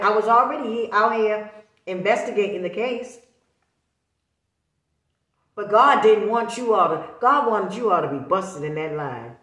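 A woman's voice: medium pitch, a bit bright. A woman talking straight to camera in a vlog, insistent and preachy, often repeating words to drive a point home. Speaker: vlogger. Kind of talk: emphatic casual talk to camera. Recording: roomy echo.

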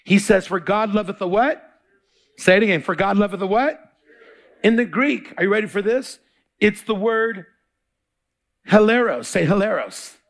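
High gravelly preaching man. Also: normal speed, pauses often. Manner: call-and-response preaching, quizzes the congregation. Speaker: pastor. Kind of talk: sermon.

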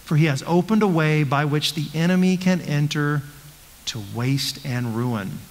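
A man's voice: on the high side, a little slow, in a large hall, low-quality recording. A man, a pastor, teaching a conversational Bible study with rhetorical questions and frequent restarts. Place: church.

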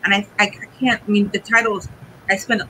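A woman in her forties, a guest telling a personal family story in a rambling, halting way, tearful at times. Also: medium pitch, level tone, pushed and bright, slight background noise, poor audio. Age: 40s. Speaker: guest, cigar business owner.

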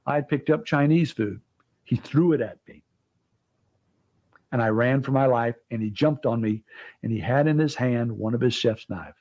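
A man's voice: mid-range voice, moderate pace, long pauses, darkish tone. A man, a private investigator, plainly recounting events in a documentary interview. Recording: dull archival interview audio.

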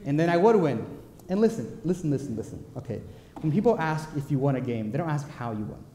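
A young man preaching a sermon in a church, telling personal stories in a playful, animated way with quick asides. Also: on the high side, slight background noise. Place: church sanctuary. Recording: echoey church hall.

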